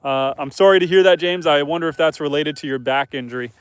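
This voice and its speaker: A man's voice: fairly high pitch, fast, smooth, dry recording. Chatty man live-streaming from his farm. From Northern Canada. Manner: relaxed, rambling, reads viewer comments aloud. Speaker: homesteader live-streaming host. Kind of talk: casual live-stream chat. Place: outdoors on a homestead farm among animals.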